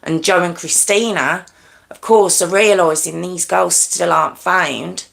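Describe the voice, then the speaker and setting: A woman's voice: lowish voice, steady tone, measured pace, creaky, fairly bright tone. A woman hosting a true crime livestream, telling the story in a casual, conversational way with many asides and restarts, checking in with her listeners.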